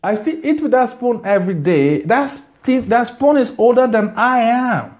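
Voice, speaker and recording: A man's voice: very high voice, expressive, moderate pace, noisy background. A middle-aged man with a Nigerian accent, talking to his viewers at home in a rambling, emphatic way, often repeating his words. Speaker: vlogger. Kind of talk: casual monologue to camera. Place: his house.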